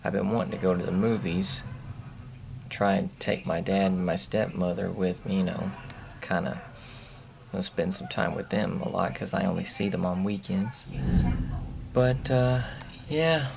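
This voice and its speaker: A man's voice: low-pitched, normal speed, gravelly, long pauses, background noise. A man chatting casually at home for his vlog, rambling and grumbling in an offhand way. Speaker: vlogger. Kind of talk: casual chat. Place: at home indoors.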